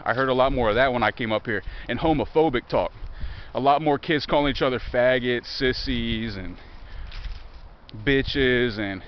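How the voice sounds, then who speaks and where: A man's voice: medium pitch, normal speed, slight background noise. Young man, Southern Virginia accent, profane sarcastic walk-and-talk vlogger, muffled outdoor phone audio. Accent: Southern American, Virginia. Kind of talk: rambling walk-and-talk monologue. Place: outdoors in woods near a highway.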